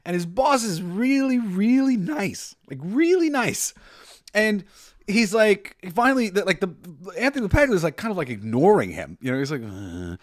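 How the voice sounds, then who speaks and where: A young man chats through a solo podcast in a loose, rambling way, laughing often and restarting his sentences. His voice sits a bit high for a man. It is recorded close and dry, with no room sound. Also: sing-song, moderate pace, no room sound. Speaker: podcast host. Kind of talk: casual solo podcast film chat.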